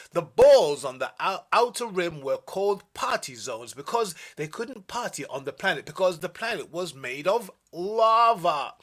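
A young man with a high voice reads his own children's story aloud, shouting out the lines of the characters.

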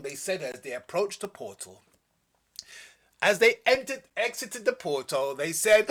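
A young male storyteller reading his own children's story aloud, shouting out the characters' lines. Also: high voice, sing-song, a little slow.

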